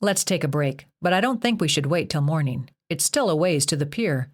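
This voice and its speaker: A woman reading a calm young man. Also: low voice, fairly quick. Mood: encouraging.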